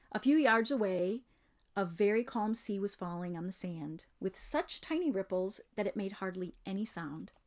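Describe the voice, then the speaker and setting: A woman reading a children's novel aloud in measured, expressive narration. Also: mid-range voice. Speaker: reader. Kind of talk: storybook read-aloud.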